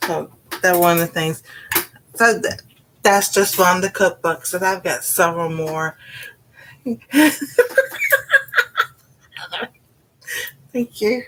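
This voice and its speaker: A woman's voice: fairly low pitch, normal speed, a bit bright, a little hiss or hum. A woman with a Southern US accent chatting casually on a livestream as host of a cooking channel. She rambles in a folksy way, says "y'all" and laughs often.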